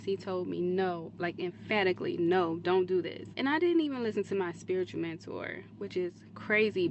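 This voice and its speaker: A woman's voice: mid-range voice, highs cut off. A woman speaks to camera in an earnest, defensive monologue. She rambles from point to point in a mid-range voice, and faint noise sits behind her. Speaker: social media creator in a played clip.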